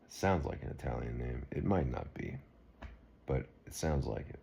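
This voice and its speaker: A man's voice: rumbling low, expressive, moderate pace, gravelly, warm tone, slight background noise. A man talking straight to camera in an unscripted monologue, rambling and earnest with frequent restarts. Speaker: video blogger.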